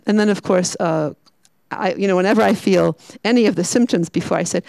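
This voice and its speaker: A woman who is a Franciscan sister, giving a reflective spiritual talk. She is emphatic, slowing down and repeating key words. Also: medium pitch, vocal fry, darkish tone, dry recording, rough recording.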